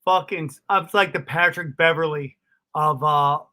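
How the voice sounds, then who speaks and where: In a laid-back interview, a middle-aged comic guest tells stories with lots of energy, curses freely and addresses people as "dude" and "bro." He speaks at a moderate pace in a fairly high voice.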